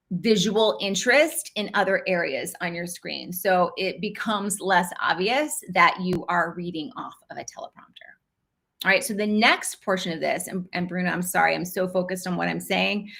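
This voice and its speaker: A middle-aged woman teaching a live online class as an on-camera coach, with clear, emphatic delivery that stresses key words. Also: fairly low pitch, bright, forceful tone.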